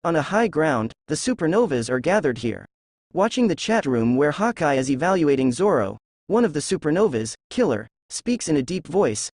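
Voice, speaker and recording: A man narrating a fan novel aloud in a steady reading voice. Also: fairly high pitch, moderate pace, no room sound, studio quality. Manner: steady reading, reads characters' lines in the same voice.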